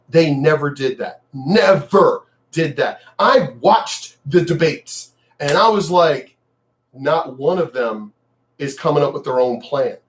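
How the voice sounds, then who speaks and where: A man in a profane, mocking political rant, repeating himself and shouting mock cheers. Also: on the high side. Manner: angry, profane, repetitive, mocking. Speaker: video commentator.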